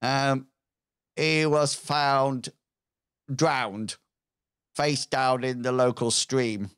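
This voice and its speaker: A man's voice: medium pitch, fairly even intonation, extremely slow, fairly bright tone, smooth. A man narrating a tabletop game as game master, hesitant and full of fillers.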